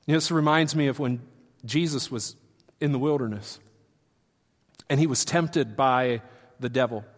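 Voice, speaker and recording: A man preaching a sermon as pastor, shifting from quiet explanation to loud, animated retellings. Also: mid-range voice, normal speed, big-room sound. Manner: swings from quiet teaching to loud, animated acted-out quotes.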